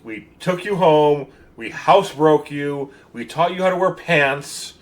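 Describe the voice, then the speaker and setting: A fed-up middle-aged man, as a podcaster puts him on, scolds an ungrateful house guest in a raised, slightly higher voice. He stammers through his complaint and piles up his grievances one after another. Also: animated, a little slow. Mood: indignant. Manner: exasperated, stammering lecture.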